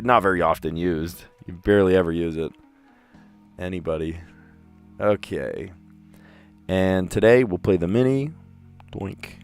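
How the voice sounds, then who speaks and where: A man, a teacher, hosting a casual puzzle livestream, thinking aloud with chatty, self-amused asides. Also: sits low.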